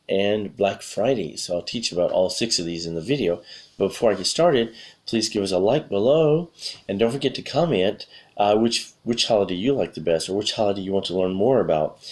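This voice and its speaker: A deep-voiced man gives a relaxed spoken English lesson. His voice is slightly hoarse, and he clears his throat now and then. He rambles along and often corrects himself mid-sentence. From USA. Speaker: English teacher. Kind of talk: casual spoken lesson for learners.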